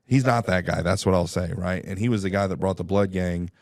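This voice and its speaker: A man's voice: low-pitched, fairly even intonation, brisk, no echo, studio quality. A man telling a personal story on a radio show in a casual, rambling way. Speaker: guest. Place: radio studio.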